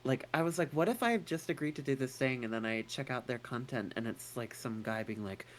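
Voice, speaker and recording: A woman's voice: very deep voice, fairly quick, a little hiss or hum. A woman co-hosting a casual chat, rambling and swearing casually, with a put-on American accent. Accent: non-native English put-on American. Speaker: co-host.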